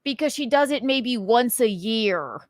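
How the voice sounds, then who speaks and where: Reacting to online comments in a casual rant, this woman host speaks with a transatlantic accent, crisp enunciation and goofy, theatrical outbursts. Her voice is fairly high with lively intonation and a measured pace, captured in a close, dry recording.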